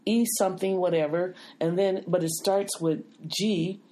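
Insistent woman host, low mellow voice. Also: fairly even intonation, measured pace, slight background noise. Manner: insistent, keeps the floor with "wait a minute". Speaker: podcast host. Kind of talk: casual chat.

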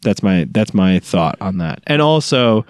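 A man's voice: lowish voice, expressive, a little slow, dry recording, studio quality. A man co-hosting a podcast in casual chat, enthusiastic and self-deprecating. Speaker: podcast co-host.

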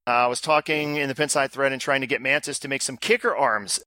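A man co-hosting a casual podcast over a call, chatty and animated, quick to laugh and ramble. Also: mid-range voice, no room sound. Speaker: podcast co-host. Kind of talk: casual chat. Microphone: remote call.

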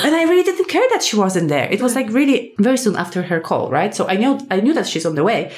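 A woman, a podcast guest telling a personal story in a casual, animated way, full of fillers and acted-out dialogue. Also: mid-range voice, quick pace, hardly any pauses. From Poland. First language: Polish. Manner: animated, acts out quoted dialogue, many fillers.

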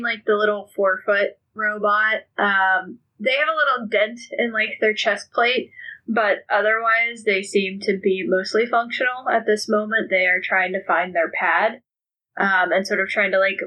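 A woman narrating as game master of a tabletop game, describing scenes in a relaxed, descriptive way. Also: mid-range voice, poor audio.

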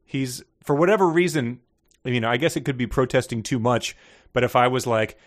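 A man co-hosting a podcast, talking about a book in a rambling, halting way with frequent restarts. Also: mid-range voice, a bit bright. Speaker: podcast co-host. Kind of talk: casual chat about a book.

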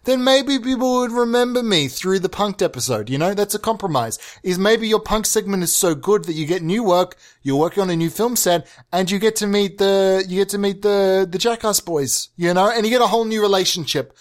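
A man's voice: high voice, brisk, hardly any pauses. A man hosting a podcast, rambling through a comic monologue, often swearing and jumping into silly put-on bits. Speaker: podcast host.

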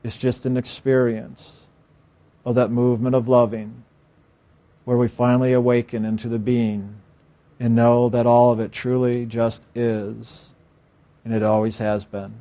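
A man giving a calm, measured inspirational spiritual talk with repeated phrases. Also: mid-range voice. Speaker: spiritual teacher.

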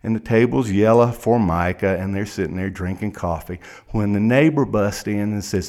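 A man's voice: on the low side, moderate pace, hardly any pauses, a little mellow. A man with a Kentucky accent, a criminal defense lawyer, telling a courtroom story in a dramatic present tense.

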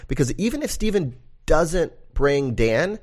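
A man's voice: on the high side, very animated, a little slow. A man co-hosting a business podcast in casual conversation, talking through examples and laughing easily. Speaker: podcast co-host.

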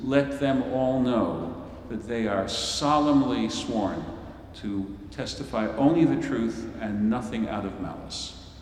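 A preacher putting on a grave high priest who addresses his court in slow, weighty, formal phrases. His voice carries from a distance through a long-echoing hall, with a faint rumble underneath. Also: a little mellow, close to an everyday voice. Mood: solemn. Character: solemn stately male high priest presiding at a trial. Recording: roomy hall, voice from far off.

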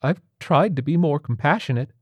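A man voicing a frightened older male patient who speaks in a strained, high, stammering way, in a spoken storybook. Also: measured pace, a little mellow, dry recording, clean studio sound, lightly acted. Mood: fearful.

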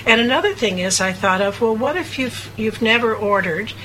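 A woman's voice: fairly high pitch, expressive, moderate pace, a bit bright, a little hiss or hum, poor audio. A woman from Cape Breton co-hosting a radio show, talking in an emotional, rambling, confessional way. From Cape Breton, Nova Scotia, Canada. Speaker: co-host. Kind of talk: casual radio talk.

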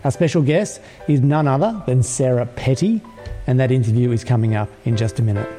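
A man's voice: medium pitch, animated, fairly quick, music in the background. A middle-aged man hosting a podcast, reading an upbeat, emphatic scripted intro before chatting with his guest. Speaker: podcast host.

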